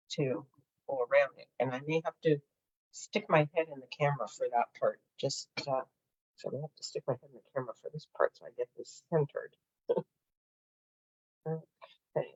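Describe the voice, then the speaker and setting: A middle-aged woman demonstrating a craft project in casual chat, laughing often and filling pauses with "uh.". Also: sits low, muffled recording. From Canada. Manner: chatty, laughs often, many fillers. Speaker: craft instructor.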